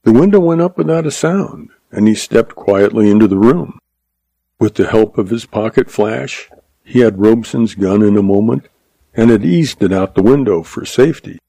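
A man narrates a Western story in a steady, measured way, his voice low and gravelly. The tone is dark and mellow, and the recording is dry and close. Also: dry recording. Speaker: audiobook narrator.

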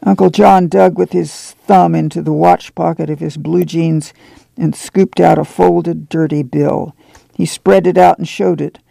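A man's voice: a little high, fairly even intonation, unhurried, gravelly, dark tone, no echo. A man reading a novel aloud for radio, telling the story steadily and plainly and giving the characters folksy speech. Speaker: volunteer reader.

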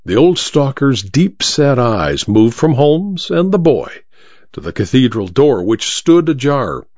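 Expressive male audiobook narrator. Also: medium pitch, unhurried, dry recording. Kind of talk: audiobook reading of a detective story. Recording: dry, slightly dull recording.

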